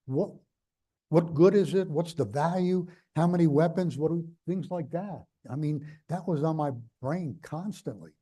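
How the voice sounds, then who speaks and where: A man's voice: on the high side, normal speed, mellow. An older man with a New York accent, telling blunt, rambling stories as a guest in an interview. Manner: blunt, rambling, jokey storytelling. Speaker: guest speaker. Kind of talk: conversational interview on stage.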